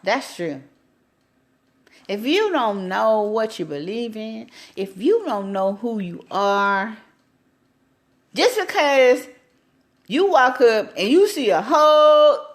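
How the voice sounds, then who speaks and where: Woman live-streamer, animated, laughing, voice a bit high and swooping. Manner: animated, voice swinging up and down, laughing often. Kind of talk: casual live stream talk.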